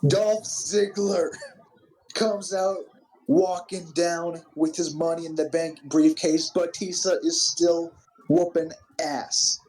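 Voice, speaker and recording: A man narrating a wrestling simulation game with an excited play-by-play recap, animated and full of restarts. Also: fairly high pitch, rough recording. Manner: animated, quick, with frequent restarts.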